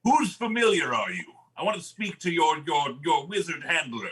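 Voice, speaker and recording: A man's voice: fairly high pitch, big pitch swings, normal speed, a bit bright, slight background noise, low-quality recording. A man voicing a pompous male dragonfolk wizard who speaks haughtily. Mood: haughty. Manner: haughty, stumbling over words.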